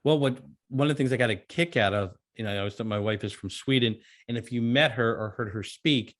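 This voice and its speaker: A man's voice: mid-range voice, fast talker, a bit bright. A man who is an author and beekeeper, a guest in a casual interview, easygoing, telling anecdotes and laughing often.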